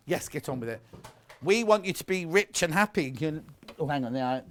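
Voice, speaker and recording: A man's voice: on the high side, animated, fairly quick, a bit bright, a little hiss or hum. A middle-aged British man presenting live on a shopping channel, chatting and gossiping between products and viewer messages. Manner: chatty, gossipy, rambling asides. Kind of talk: live selling chat, reading viewer messages.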